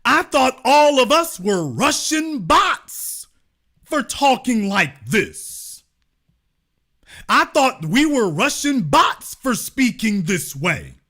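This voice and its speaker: A man's voice: extremely high pitch, big pitch swings, takes it slowly, bright, forceful tone. A middle-aged man hosting an online show, giving sarcastic political commentary full of mocking, theatrical rhetorical questions.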